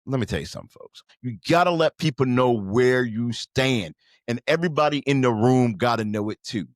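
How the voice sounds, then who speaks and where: A podcast host with a medium-pitched, expressive voice speaks at a moderate pace in studio-quality audio with no room sound. He gives a motivational business talk, emphatic and preachy, addressing listeners directly.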